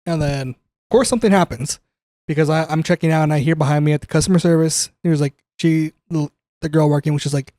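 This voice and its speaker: A man's voice: a little high, quick pace, warm tone, no echo. A young adult man telling a work story on a podcast in casual chat, swearing, laughing and acting out what people said. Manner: profane, laughing, acts out quoted dialogue. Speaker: podcast co-host.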